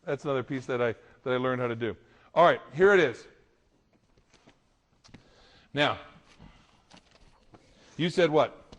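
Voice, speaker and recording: A middle-aged man giving a lively talk to an audience, storytelling with laughter. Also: medium pitch, moderate pace, pauses often. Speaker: motivational speaker.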